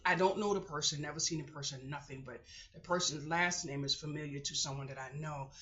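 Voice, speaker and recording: A middle-aged woman keeping a personal video diary, talking to herself in a halting voice that often sinks to a whisper while she holds back tears. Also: deep voice, a bit bright, highs cut off. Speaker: vlogger.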